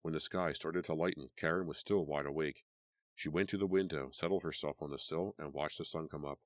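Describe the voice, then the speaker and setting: A man narrating an audiobook in a measured storytelling manner. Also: rumbling low, fairly even intonation, no echo, studio quality. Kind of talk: scripted narration.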